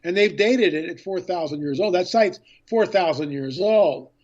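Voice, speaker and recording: Excited man telling a story, muffled lo-fi. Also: sits high, moderate pace. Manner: excited storyteller who acts out past conversations. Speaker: author and filmmaker guest. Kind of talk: radio interview storytelling.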